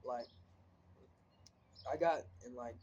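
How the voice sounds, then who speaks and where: A teenage boy rants into a phone camera, full of filler words, restarts and frustrated swearing. His voice is mellow and dark, and the recording sounds dull and a bit muffled. A faint hiss sits underneath. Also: mid-range voice, slow. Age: teens. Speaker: vlogger. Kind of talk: casual ranting vlog. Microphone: phone camera, looking down at it.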